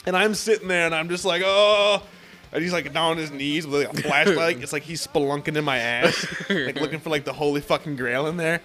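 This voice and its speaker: A man's voice: on the high side, brisk. Profane young man telling a story. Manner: profane, animated storytelling with acted-out quotes. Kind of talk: casual storytelling chat.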